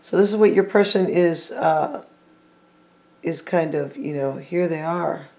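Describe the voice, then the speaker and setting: A tarot reader talking casually to viewers while laying out cards, thinking out loud and often saying what they feel, with playful teasing asides. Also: medium pitch, measured pace, creaky. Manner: chatty, thinking aloud, repeats and hedges with "I feel like".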